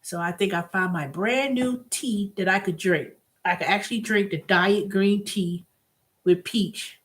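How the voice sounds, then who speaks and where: Her voice mid-range, a little slow and a bit bright, a vlog host rants casually on her own channel. Blunt and heavily emphatic, she shifts from exasperated to delighted.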